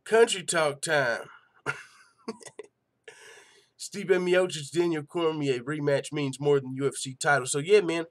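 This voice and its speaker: A man's voice: fairly high pitch, fairly even intonation, a little slow, long pauses. Slangy, profane young male stream host. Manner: loose, slangy and profane, with frequent "you know what I'm saying". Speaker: host of a live MMA news show. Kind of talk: casual livestream chat, reading viewer comments.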